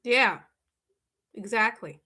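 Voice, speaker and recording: Stream host: woman, high bright voice, emphatic casual chat, laughs a lot. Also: slow. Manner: emphatic, repeats herself, laughs often. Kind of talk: casual reaction chat with viewers.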